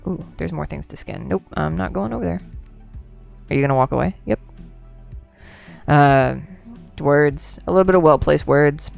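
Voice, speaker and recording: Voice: medium pitch, normal speed, vocal fry, pauses often, faint music behind. A game streamer chatting casually through a livestream, rambling, laughing and answering chat, a few drinks in.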